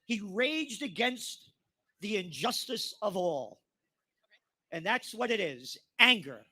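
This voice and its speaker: An older man in his seventies rants in an angry, sardonic monologue. His voice sits very high for a man and rises and falls with lively swings. It is crisp and bright, recorded close and dry. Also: slow pace, no echo. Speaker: commentator. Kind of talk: impassioned monologue.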